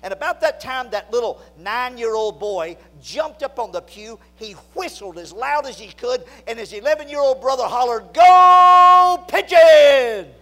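A man preaching a sermon, telling a story that swings from loud excitement to low, hushed emphasis. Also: moderate pace, hardly any pauses, low-quality recording.

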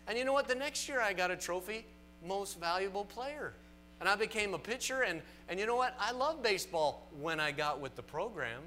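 A man with a Southern US accent preaching a sermon to a congregation, animated and emphatic with folksy asides. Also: high-pitched, fairly quick, slight background noise. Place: church sanctuary.

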